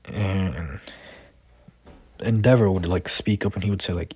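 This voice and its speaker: A man's voice: low-pitched, unhurried, long pauses, darkish tone, husky, dry recording. A man casually improvising a fan-made story, rambling with lots of fillers and restarts.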